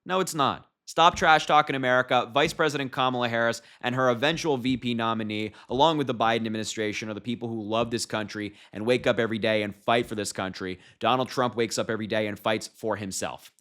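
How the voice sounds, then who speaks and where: Young male vlogger, bright and forceful tone, mocking commentary delivered casually with frequent laughs. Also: mid-range voice, steady tone, quick pace, few pauses. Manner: mocking, laughs at his own points. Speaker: political commentator.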